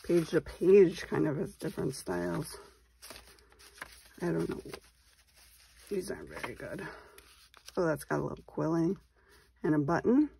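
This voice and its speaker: A woman's voice: sits low, animated, measured pace, gravelly, pauses often, mellow, slight background noise. A woman in her forties from Wisconsin, hosting a casual papercraft tutorial and chatting to herself as she works. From Wisconsin, USA. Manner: chatty, mutters to herself while working. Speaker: papercraft channel host. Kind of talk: casual craft tutorial chat.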